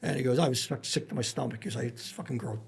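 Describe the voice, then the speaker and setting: A man's voice: medium pitch, rapid-fire, gravelly, a little hiss or hum. A man, a former federal agent, telling blunt and profane stories full of quoted dialogue as a podcast guest. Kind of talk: storytelling in a casual interview.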